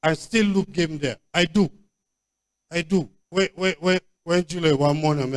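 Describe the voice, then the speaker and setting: A man's voice: on the high side, a little slow, long pauses. A man with a Nigerian accent preaching a sermon as pastor, emphatic and repetitive, with frequent stop-start restarts. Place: church convention hall.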